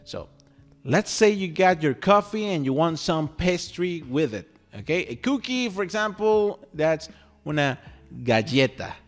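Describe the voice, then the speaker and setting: A man's voice: fairly high pitch, a little slow, soft background music. A man whose first language is Spanish, teaching a language lesson in a playful, chatty way and checking in with the listener often. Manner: animated, playful, chatty with frequent "okay?" check-ins. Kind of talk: lively scripted language lesson.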